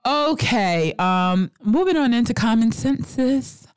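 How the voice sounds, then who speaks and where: A woman's voice: a little high, slow, smooth, no echo, studio quality. A woman co-hosting a podcast, chatting casually, blunt and profane as she tells stories with lots of energy. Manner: blunt, profane, animated storytelling. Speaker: podcast co-host. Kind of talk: casual chat.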